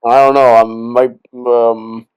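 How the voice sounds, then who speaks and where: A man in casual movie-commentary mode, a little tipsy and loose. He rambles, restarts his sentences and keeps breaking into laughter. His voice sits at a middle pitch. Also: flat delivery, slow pace, clear, resonant tone, dull audio. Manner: rambling, trailing off, laughing often. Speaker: co-host of a movie watch-along.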